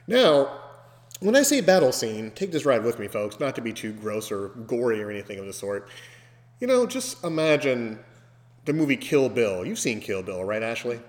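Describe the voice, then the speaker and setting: A man hosting a podcast, telling a story casually and breaking into loud, animated mimicry of screams. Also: mid-range voice, moderate pace. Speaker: podcast host. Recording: long hall reverb.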